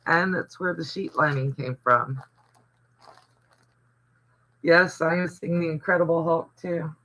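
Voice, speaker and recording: A man's voice: a little high, fairly even intonation, unhurried, sharp tone, low-quality recording. An older man from the American South, hosting a casual livestream chat, rambling through stories and answering viewer comments. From Southern United States. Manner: chatty, rambling storyteller who reads out viewer comments. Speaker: livestream host.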